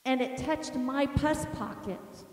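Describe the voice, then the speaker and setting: A woman teaching a class, telling a personal story in an animated, emphatic way. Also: high-pitched, takes it slowly. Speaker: teacher of an inner healing course. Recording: echoey hall from far off.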